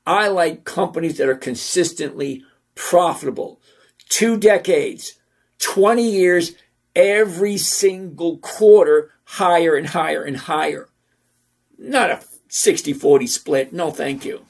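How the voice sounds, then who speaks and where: A middle-aged man hosting a stock trading channel, walking through numbers on screen in a casual, teasing, sarcastic way and repeating points slowly for emphasis. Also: a little high, creaky.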